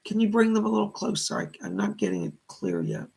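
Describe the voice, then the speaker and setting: A man with a deeply gravelly, husky voice hosts a live-streamed psychic reading. His pitch moves a lot as he passes on spirit messages and thanks viewers for their donations. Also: huge pitch swings, fast talker, a little mellow. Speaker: psychic medium host.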